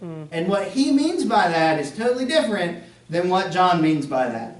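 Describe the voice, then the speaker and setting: A man's voice: high-pitched, very animated, moderate pace, roomy sound, distant mic. A man with a faint Southern American accent, preaching a sermon as pastor in a conversational way, with joking asides and acted-out quotes. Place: church sanctuary.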